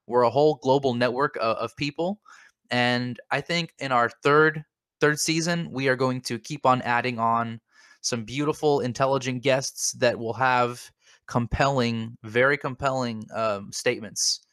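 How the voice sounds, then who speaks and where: A man's voice: medium pitch, fairly bright tone, no room sound, studio quality. A man co-hosting a comedic podcast, rambling in a mock-earnest way and repeating his words. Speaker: podcast co-host.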